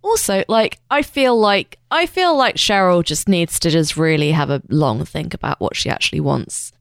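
A woman co-hosting a casual podcast, chatting in an animated way and laughing often. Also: on the low side, normal speed, creaky, dry recording, clean studio sound. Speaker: podcast co-host. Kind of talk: casual chat.

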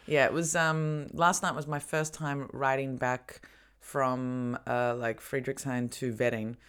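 A woman's voice: extremely low pitch, flat delivery, unhurried, clean tone. A woman hosting a casual comedy podcast, rambling and giggly, a little spaced out and drowsy. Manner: rambling, giggly, many fillers. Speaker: podcast host.

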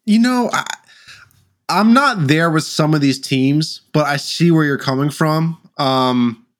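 A man co-hosting a sports podcast, telling stories in an animated, slangy way. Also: a little high, measured pace. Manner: animated storyteller, slangy, breaks into laughter. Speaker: podcast co-host. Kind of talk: casual sports chat.

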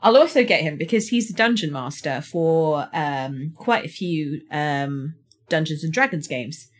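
A woman's voice: low-pitched, animated, a little slow. A woman from Somerset with a British accent, co-hosting a casual book podcast and often laughing at herself. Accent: British English. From Somerset, England. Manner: self-mocking, laughs often. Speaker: podcast co-host. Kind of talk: casual chat.

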